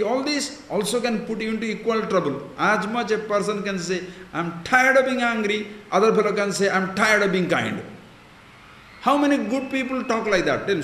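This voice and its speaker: A man's voice: high voice, reverberant, a little hiss or hum. A male spiritual teacher giving a discourse, explaining Sanskrit terms and questioning his listeners.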